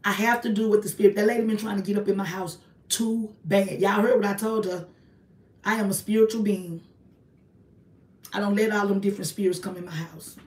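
A woman's voice: mid-range voice, steady tone, a little fast, a little mellow, far from the mic. A woman, talking to her viewers in a casual livestream from her apartment, emphatic and repetitive as she preaches. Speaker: online ministry host. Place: small home apartment, indoors. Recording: echoey room, voice off-mic.

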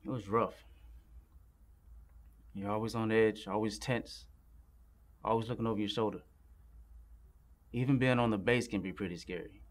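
An actor playing a low-voiced young veteran. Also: male voice, fairly even intonation, moderate pace, pauses often, natural voice. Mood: reflective. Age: young adult. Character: young war veteran back home, Drew. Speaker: army veteran.

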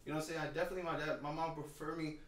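A man pours out his feelings in a rapid, profanity-laced podcast chat. His voice sits somewhat high. He is picked up from a distance in an echoey room. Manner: emotional, expressive, profane, repeats "you know what I'm saying". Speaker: podcast co-host. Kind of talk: candid podcast conversation.

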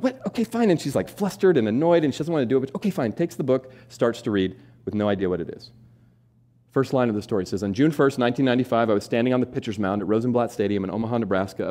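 A man in his forties giving a keynote talk on stage, telling a personal story, asking the audience questions and acting out the voices of the people in it. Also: mid-range voice. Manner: animated, acts out quoted voices, asks audience questions. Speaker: keynote speaker. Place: stage before a live audience.

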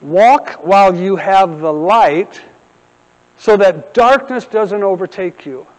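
In a church sanctuary, a middle-aged man with a high-pitched voice preaches slowly, weaving funny stories and animated asides into his sermon as the hall's long reverb lingers behind him.

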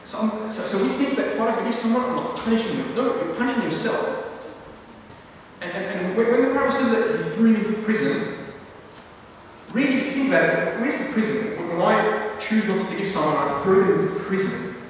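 A man with a high, expressive voice speaks a little fast at a youth meeting in a church hall. Conversational in style, he keeps asking whether people follow and repeats words as he restarts. The recording has a little hiss or hum and is very echoey, captured from a distance.

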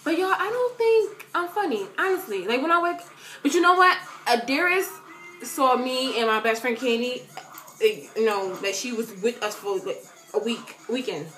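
Teen girl doing a q&a vlog in her room, kinda high voice, jokey and dramatic, faint music in the back. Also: expressive, normal speed. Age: teens. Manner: chatty, joking, dramatic swings in loudness and pitch. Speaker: vlogger. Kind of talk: casual Q&A vlog talk. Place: bedroom at home.

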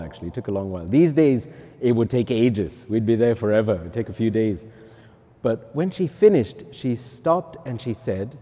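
A middle-aged man, a priest, giving a personal testimony in lively storytelling style with self-mocking humorous asides. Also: medium pitch. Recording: echoey hall.

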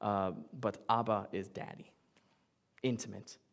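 A man's voice: fairly low pitch, fairly even intonation, measured pace, gravelly. A male pastor preaching a sermon in a conversational, jokey way, often acting out what people say. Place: church sanctuary.

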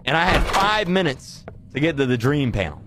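Excitable man rambling on a stream. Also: fairly high pitch, normal speed, noisy background. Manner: excitable, rambling storytelling with shouted bursts. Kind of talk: casual stream recap.

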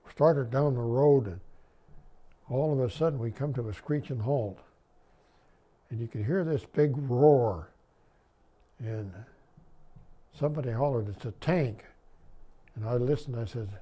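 An older WWII veteran, interviewed for an oral history, tells his memories in a rambling, folksy way, often restarting sentences. His voice is mellow and dark with a husky edge, at a middling pitch for a man.

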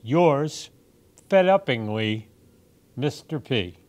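Storybook tomcat, fussy and fed up, slow and prim, read by a man. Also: mid-range voice, lively intonation, a little mellow. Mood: huffy.

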